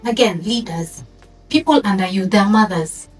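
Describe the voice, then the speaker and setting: Animated woman speaker, echoey hall. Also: medium pitch, moderate pace, soft background music. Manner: animated, storytelling, code-switches into Swahili. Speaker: event panel speaker. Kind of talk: lively panel talk with audience interaction. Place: event hall with audience. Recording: echoey room from far off, noisy.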